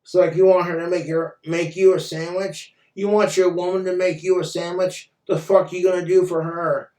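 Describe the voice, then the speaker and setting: A man's voice: sits high, little pitch movement, moderate pace, a little mellow. A man ranting on his own vlog in a crude, blunt way, swearing freely. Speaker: vlogger. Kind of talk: profane casual rant. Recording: roomy echo, far from mic.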